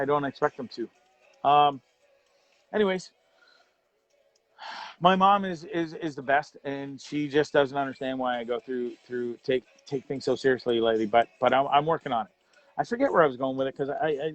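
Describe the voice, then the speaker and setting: A man's voice: medium pitch, highs cut off. A man hosting a live show, talking candidly and rambling while greeting viewers by name. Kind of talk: livestream chat.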